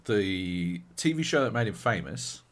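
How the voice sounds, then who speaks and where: A man co-hosting a podcast, chatting casually, animated and swearing often with bursts of laughter. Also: low voice, unhurried. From Australia. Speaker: podcast co-host. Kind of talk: casual chat.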